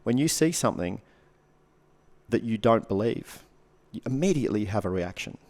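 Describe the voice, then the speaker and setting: Lowish-voiced man talking animatedly. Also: moderate pace. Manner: animated, swears freely, acts out quoted reactions. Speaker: guest coach and speaker. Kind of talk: casual podcast conversation.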